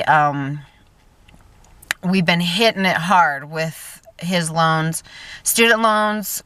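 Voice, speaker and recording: A woman in her thirties talks straight to her viewers in a casual vlog, chatty and openly emotional, often trailing off and starting her thought over. Her voice is bright and crisp, sitting a little low. The sound is close and dry. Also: no room sound. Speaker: vlogger.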